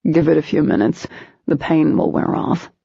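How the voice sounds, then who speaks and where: A gentle, protective young warrior man, as a woman narrator puts him on, talking softly and steadily in a storybook reading. The voice is husky, gravelly and dark. It sits in a dry, dull, lo-fi recording. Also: low voice, flat delivery, normal speed, no room sound, full character voice. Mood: reassuring.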